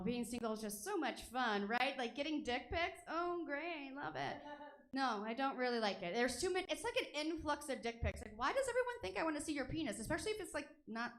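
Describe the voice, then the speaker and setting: A woman works a comedy theater stage with a raunchy stand-up set. Her voice sits a little high as she rattles off crude, self-deprecating jokes in a brash, offhand way.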